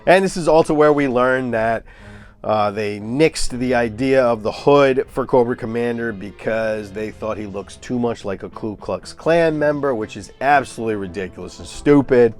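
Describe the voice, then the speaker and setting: A man's voice: mid-range voice, normal speed, a little mellow, soft background music. Ranting man reviewing movies. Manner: ranting, scoffing, many fillers and restarts. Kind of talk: casual opinionated review.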